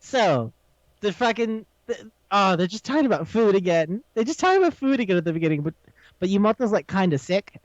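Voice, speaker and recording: A man's voice: sits high, lively intonation, brisk, dry recording. A man chatting casually on a podcast, rambling, swearing often and laughing a lot. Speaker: podcast co-host. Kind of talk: casual chat recapping an anime. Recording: slightly dull lo-fi sound.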